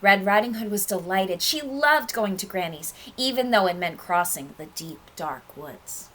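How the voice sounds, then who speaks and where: A woman teacher reads a storybook aloud to young children in an expressive, sing-song way. Her voice is bright and clear-toned, rising and falling with lively melody. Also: medium pitch, moderate pace, a little hiss or hum, low-quality recording. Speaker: nursery school teacher.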